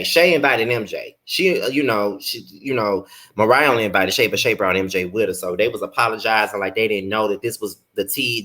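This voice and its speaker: A young man casually recapping a reality TV episode in a blunt, profane, animated vlog. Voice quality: blunt, profane, sassy commentary. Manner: animated, rants with big pitch jumps. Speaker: YouTube reality TV reviewer.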